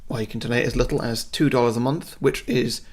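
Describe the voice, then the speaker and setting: Male co-host, mid-pitched, dry and brief, reads out the rules. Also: steady tone, quick pace, breathy edge. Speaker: podcast co-host. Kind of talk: casual film chat.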